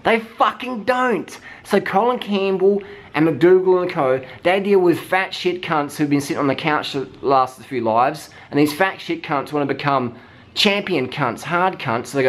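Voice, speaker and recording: A man's voice: fairly high pitch, normal speed. A man ranting heatedly, swearing constantly and mimicking people in mocking voices. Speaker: vlogger. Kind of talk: profane rant.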